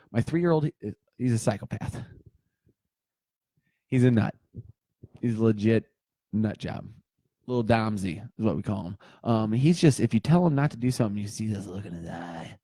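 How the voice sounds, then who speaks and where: A man in his thirties chats loosely on a livestream, rambling from story to story and tossing in jokes as he greets viewers. His voice sits in a middle pitch with a mellow, darker tone. The sound is dry and close, with no room echo. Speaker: livestream host. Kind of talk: casual livestream chat.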